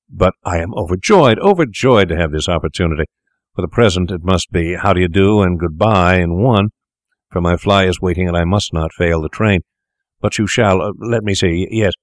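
A man's voice: low voice, no room sound, clean studio sound, natural voice. A man reading an audiobook, voicing a flustered wealthy older physician who stammers and placates nervously.

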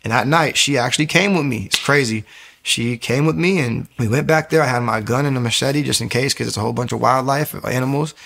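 A young man giving an emotional personal testimony as an interview guest, telling his story in an animated way and repeating phrases for emphasis. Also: mid-range voice, a little fast, gravelly.

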